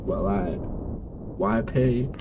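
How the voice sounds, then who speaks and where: A man's voice: lowish voice, very slow, background noise. A teenage boy chatting casually beside his father's game, cheeky and mocking, full of slang like mate and bro. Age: teens. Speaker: host's son, co-commentator. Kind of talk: casual chat.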